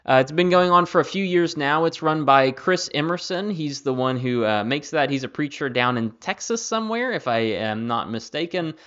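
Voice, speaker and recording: A young man hosts a Bible study in a relaxed, chatty way, trailing off into fillers and restarting his sentences. His voice sits a little high for a man. The audio sounds slightly dull and lo-fi. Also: normal speed, few pauses. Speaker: Bible teacher and podcast host. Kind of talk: casual Bible study talk.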